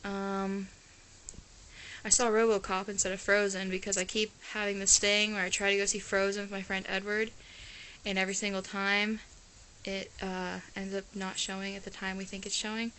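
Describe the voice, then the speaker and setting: A teenage exchange student from Ohio, USA chats casually to her camera, rambling with lots of "like" and restarts. Her mid-range voice is bright, forceful and clean, with little pitch movement at a moderate pace, though the recording is low quality.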